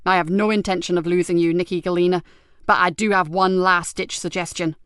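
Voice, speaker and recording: A woman's voice: lowish voice, steady tone, fairly quick, fairly bright tone, smooth, no room sound, close to an everyday voice. A woman reading an audiobook, voicing a blunt, loyal male police superintendent with dry humor. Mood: firm. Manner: blunt, patient, dryly humorous. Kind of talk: audiobook character voice.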